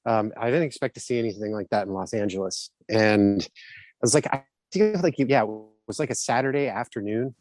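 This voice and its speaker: A middle-aged man from the Southern United States, an actor guest telling animated anecdotes in a casual interview. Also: fairly low pitch, a little fast. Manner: animated, laughing storyteller.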